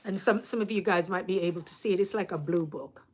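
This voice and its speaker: A woman with a Jamaican accent, hosting a casual livestream and chatting to her viewers, animated and laughing often. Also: on the low side, fast talker. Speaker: YouTube coach and livestream host.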